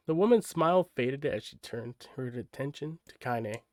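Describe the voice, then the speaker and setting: Male streamer narrating a book, casual, mid-pitched, easygoing asides. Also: lively intonation, measured pace, darkish tone, no echo. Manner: casual, stops for asides and laughs at slips. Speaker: streamer reading a novel aloud. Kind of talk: live-stream read-aloud narration.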